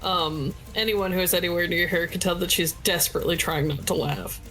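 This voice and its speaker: A woman's voice: lowish voice, fairly even intonation, fairly quick, a bit bright, faint music behind. A woman playing a tabletop game, narrating her character in an amused, playful way. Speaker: player.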